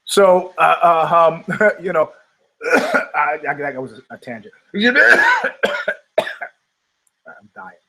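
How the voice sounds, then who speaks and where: This podcast host is an older man whose fairly high voice draws out its words, sounds creaky, and leaves long pauses. On his talk show he launches into casual, profane rants, animatedly voicing the characters in his stories.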